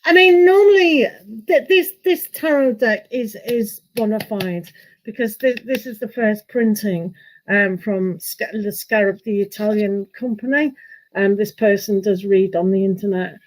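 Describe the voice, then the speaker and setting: A woman's voice: medium pitch, measured pace, low-quality recording. A woman hosting a live tarot stream, chatty and self-mocking, laughing often as she talks. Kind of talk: casual live stream chat.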